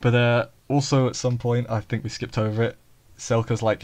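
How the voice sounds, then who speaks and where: A man's voice: medium pitch, little pitch movement, moderate pace, darkish tone. A young man, co-hosting an anime review chat in a joking, banter-filled way. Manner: joking, banters and acts out characters' lines. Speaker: anime review podcast co-host. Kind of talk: casual chat.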